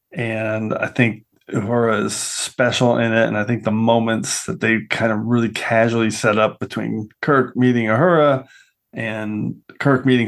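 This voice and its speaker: Guy hosting a podcast panel, upbeat, rattles off picks and stats. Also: medium pitch. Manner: enthusiastic, recaps picks and stats. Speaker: podcast host. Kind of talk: casual panel chat.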